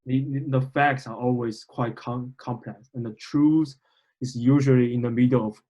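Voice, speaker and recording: A man in a casual discussion with an average-pitched, ordinary voice. He speaks thoughtfully and measures his words as he makes his point. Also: steady tone, moderate pace, a little mellow, lo-fi sound. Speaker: podcast co-host.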